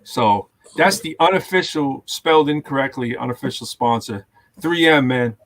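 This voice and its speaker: A man in casual chat, talking in an animated, rambling way and filling his speech with "you know what I'm saying". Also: mid-range voice, moderate pace, crowd noise. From Massachusetts.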